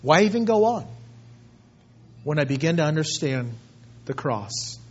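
A man preaching a sermon with passion, moving between hushed, earnest lines and loud, fervent ones. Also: a little high, big pitch swings, unhurried, slightly rough, muffled recording. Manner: impassioned, swinging from hushed to loud. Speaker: pastor.

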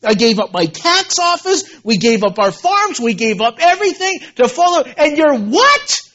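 A man voicing a panicked, bewildered male disciple who fires off incredulous questions in a high, strained voice. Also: big pitch swings, moderate pace, fairly bright tone, muffled recording, exaggerated voice.

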